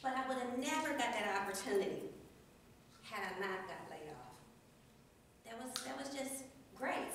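A woman giving an energetic motivational speech at a speaking club, laughing often and repeating phrases for emphasis. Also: on the high side, moderate pace, long pauses, a little hiss or hum. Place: meeting room. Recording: very echoey room from far off.

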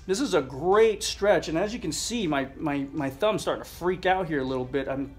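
A middle-aged male chiropractor demonstrating a thumb exercise, talking through each movement in a relaxed way with fillers. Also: fairly high pitch, normal speed.

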